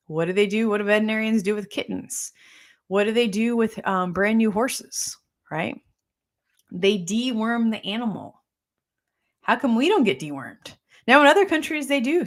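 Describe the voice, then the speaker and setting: A middle-aged woman health practitioner talks her viewers through their questions in a loose, conversational way. She keeps checking in with a quick "right?" as she goes. Her nose is running slightly. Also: medium pitch. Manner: casual, conversational, tags points with "right?". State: runny nose. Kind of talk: live Q&A talk answering viewer questions.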